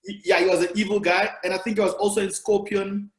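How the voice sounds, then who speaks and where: High-voiced South African man, echoey room. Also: level tone, fairly quick. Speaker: podcast host. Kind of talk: casual interview chat.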